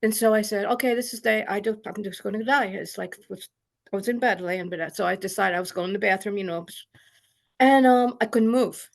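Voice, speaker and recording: On a video call with her online group, a woman recounts a personal story in a mid-pitched, creaky voice at a fairly quick pace. She comes across earnest, wandering, and prone to starting over.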